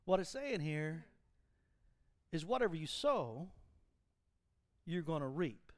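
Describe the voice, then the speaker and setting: A middle-aged male pastor preaching an animated sermon in a church, mimicking fiery preachers and laughing at his own jokes. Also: fairly high pitch, takes it slowly, dry recording.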